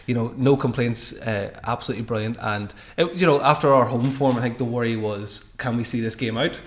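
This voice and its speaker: Fast-talking football fan. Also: male voice, mid-range voice. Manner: quick, enthusiastic storytelling. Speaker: podcast co-host. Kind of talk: casual football chat.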